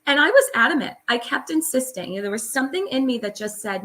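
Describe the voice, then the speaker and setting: A woman's voice: sits high, expressive, fast, sharp tone. A middle-aged woman, a guest on an interview show, telling her personal story in an earnest, emphatic way.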